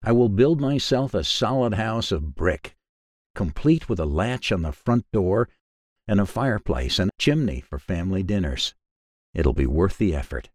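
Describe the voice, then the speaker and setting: A man voicing a wise, hard-working female pig in a storybook reading, calm and determined. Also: on the low side, normal speed, no echo, studio quality.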